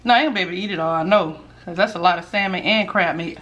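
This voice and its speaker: A middle-aged woman hosting a mukbang at home, chatting casually with viewers while eating and sometimes dropping to a hushed voice. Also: on the low side, racing, highs cut off, background noise. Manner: chatty, talks while chewing, drops to a hushed voice for gossip. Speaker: mukbang host.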